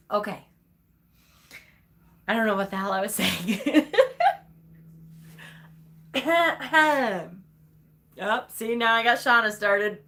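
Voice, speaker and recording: A woman's voice: medium pitch, a bit bright. A woman hosting a casual livestream, chatting with viewers, answering their comments by name and calling them honey in an effusive, emotional way. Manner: gushing, emotional. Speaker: livestream host. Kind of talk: casual live chat with viewers.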